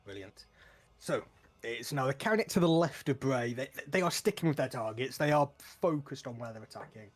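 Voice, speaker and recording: A man running a tabletop game as game master, playful and quick to laugh. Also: medium pitch, animated.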